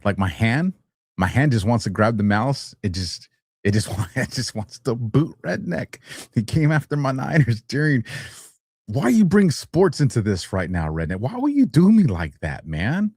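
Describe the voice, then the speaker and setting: A man's voice: mid-range voice, sing-song, moderate pace, breathy edge, dry recording, clean studio sound. A man hosting a livestream show, talking casually and animatedly, teasing his chat and laughing often. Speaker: host.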